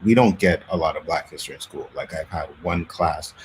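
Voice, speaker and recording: Low-voiced Canadian male host, animated casual storyteller. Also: brisk, a little hiss or hum, poor audio. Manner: animated storytelling, acts out quotes, laughs often. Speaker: podcast host. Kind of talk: casual chat.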